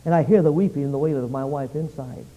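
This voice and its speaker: A man preaching a revival sermon in a church, praying and telling stories dramatically, swinging between loud and hushed. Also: a little high, fast. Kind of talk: revival sermon with prayer and storytelling. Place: church meeting hall. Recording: dull lo-fi sermon recording.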